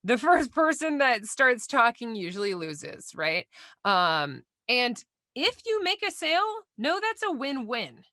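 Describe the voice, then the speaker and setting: A woman's voice: on the high side, sing-song, unhurried, sharp tone, no echo, studio quality. A woman hosting a solo podcast, chatty and encouraging as she gives sales coaching.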